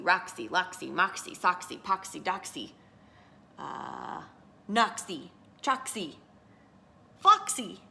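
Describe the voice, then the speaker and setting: A woman reading a picture book aloud to children, expressive and teacherly, pausing to ask her listeners questions. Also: medium pitch, vocal fry.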